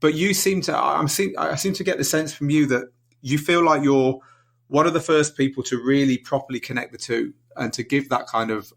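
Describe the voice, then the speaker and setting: A man's voice: medium pitch, a bit bright. Man hosting, searching for words. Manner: thoughtful, searching for words while framing questions. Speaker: interview host. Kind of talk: casual interview.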